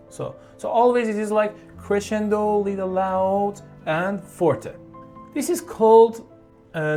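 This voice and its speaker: A piano teacher who explains a beginner piece in a slow, halting way, with frequent fillers and restarts. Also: mid-range voice, darkish tone. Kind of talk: online piano tutorial.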